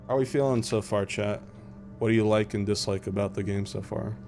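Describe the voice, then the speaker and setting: A man's voice: fairly low pitch, steady tone, fairly quick, darkish tone, faint music behind. A man streaming a game, talking to his chat in a dry, jokey way. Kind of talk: casual game commentary.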